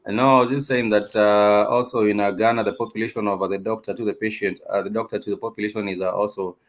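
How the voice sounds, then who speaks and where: A man with a rural central Kenyan accent co-hosting an online talk show, measured and hesitant with many fillers. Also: lowish voice, level tone. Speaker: co-host. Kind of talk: casual online show discussion.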